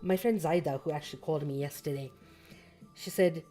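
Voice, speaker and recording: Low-voiced woman musing on a livestream. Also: a little fast, warm tone, faint music behind. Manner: thoughtful, with fillers and self-corrections. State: scratchy throat. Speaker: livestream host reading a book aloud. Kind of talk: casual livestream book commentary.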